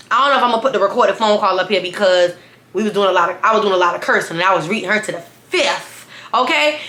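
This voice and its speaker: A woman, telling a story in a sassy, animated way and talking straight to viewers. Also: on the high side, roomy sound. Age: 20s. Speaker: storytime vlogger. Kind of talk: casual storytime.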